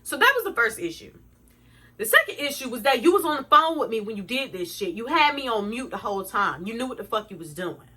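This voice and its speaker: A woman's voice: a little high, big pitch swings, brisk, sharp tone, breathy edge. A young woman telling a storytime to her viewers, blunt, profane and indignant as she rants. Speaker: vlogger. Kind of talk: storytime rant.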